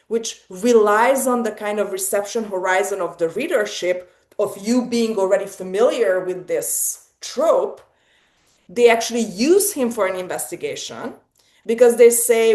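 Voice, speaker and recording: A woman leading a casual literary discussion, animated and digressive, often laughing and restarting her sentences. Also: a little high, normal speed, echoey room. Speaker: salon host. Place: online video salon.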